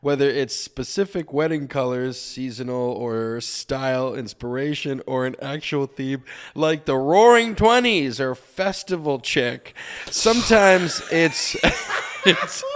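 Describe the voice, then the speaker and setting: A man's voice: medium pitch, unhurried, clear, resonant tone. A man co-hosting a podcast, reading long tips aloud in a casual, joking way. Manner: reads long tips, laughs and jokes with co-hosts. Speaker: podcast co-host.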